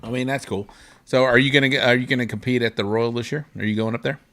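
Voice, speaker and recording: A man's voice: mid-range voice, fairly even intonation, quick pace. Easygoing male talk show host. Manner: easygoing, gives shout-outs and asks questions. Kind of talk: casual interview chat.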